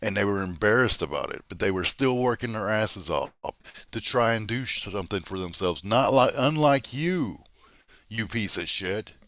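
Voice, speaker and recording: Guy ranting and cussing someone out, low voice, dry sound. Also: normal speed, a bit bright, no room sound. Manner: heated, swearing, berating. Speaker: drama commentary host. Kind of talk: angry profane rant.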